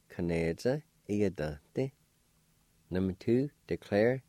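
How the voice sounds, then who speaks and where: A man hosting a radio language lesson, spelling out words syllable by syllable in a slow, deliberate way. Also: on the low side, lively intonation, mellow, no room sound. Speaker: language teacher and radio host.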